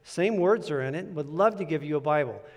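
A male pastor delivers a sermon in an earnest, conversational way, driving points home by repeating them. His voice sits a touch high for a man. The sound carries the long reverb of a large hall. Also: lively intonation, a little fast. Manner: earnest, conversational preaching with emphatic repetition.

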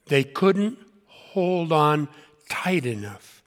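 Older preacher with a slow, earnest delivery. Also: male voice, fairly high pitch, big pitch swings. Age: 70s. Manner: earnest, repeats key points for emphasis. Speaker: pastor. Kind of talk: sermon. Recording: long hall reverb.

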